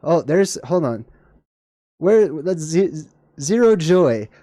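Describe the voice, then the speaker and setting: A livestream host giving rambling, digressive reaction commentary, laughing often and jumping suddenly up in pitch. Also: very animated, slow pace, dark tone, dry recording, clean studio sound.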